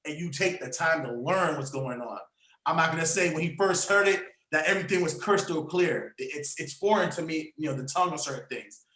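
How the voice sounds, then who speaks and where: A man from the United States co-hosting a podcast, talking in animated, slangy, emphatic casual chat. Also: on the high side, brisk, roomy sound. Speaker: podcast co-host.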